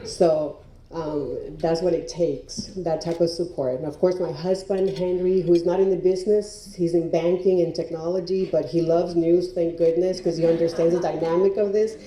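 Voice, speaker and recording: Dark-voiced woman giving a teary, laughing acceptance speech. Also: lowish voice, fairly even intonation, moderate pace, a little hiss or hum. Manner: emotional, laughing often between thanks. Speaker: award honoree, TV reporter. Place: large hotel ballroom at a luncheon. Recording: roomy hall sound from a distance.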